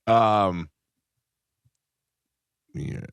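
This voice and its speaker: A man's voice: lowish voice, drawn-out words, vocal fry, clean tone, no room sound, muffled recording. A man hosting a radio talk show, teasing his co-hosts and laughing often. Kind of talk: casual radio banter. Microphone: studio microphone.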